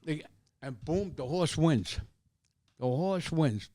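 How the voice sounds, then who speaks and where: Older New man, animated storyteller. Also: fairly high pitch, slow pace. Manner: animated, profane, repeats words as he tells it. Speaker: guest. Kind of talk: rambling storytelling in casual chat.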